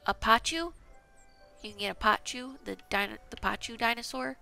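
A woman's voice: fairly high pitch, moderate pace, vocal fry, bright, forceful tone, soft background music. A woman casually talking to herself as she plays a video game, chatty and self-mocking. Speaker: gaming channel host. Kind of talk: casual gameplay commentary.

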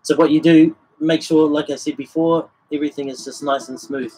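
A man teaching guitar on a livestream. His voice sits a bit high, and he talks in a relaxed, explaining way, humming rhythms as syllables. Faint guitar music plays behind him. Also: normal speed, poor audio.

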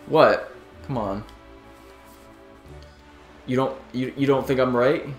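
A man's voice: mid-range voice, slow pace. Chatty, jokey man in an echoey room. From New Jersey. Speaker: let's play co-host. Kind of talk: casual gameplay chat. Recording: echoey room with faint game music.

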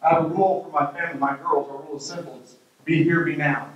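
Guy giving a funny keynote talk, kinda high voice, super echoey big hall, sounds far from the mic. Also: quick pace, muffled recording. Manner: comic, animated storytelling with acted-out quotes. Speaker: keynote speaker. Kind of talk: storytelling keynote speech. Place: large hall with an audience. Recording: very echoey hall, heard from afar.

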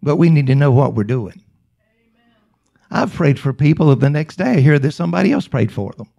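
Male preacher, sermon storyteller, somewhat high pitch, gravelly, emphatic and repetitive. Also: animated, warm tone, dull audio. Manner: slow, emphatic, repetitive phrasing.

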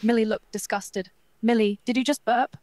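A woman's voice: a little high, steady tone, normal speed, darkish tone, no room sound, natural voice, low-quality recording. A voice app reading a prim British young woman. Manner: reads actions and lines aloud, prim. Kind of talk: text-to-speech chatbot roleplay.

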